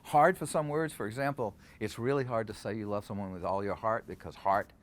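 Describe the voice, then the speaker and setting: A man's voice: fairly low pitch, brisk. An older man, a scholar and theater director, answering interview questions and reciting verse lines to show how they are stressed. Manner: animated, quotes verse aloud to show stresses.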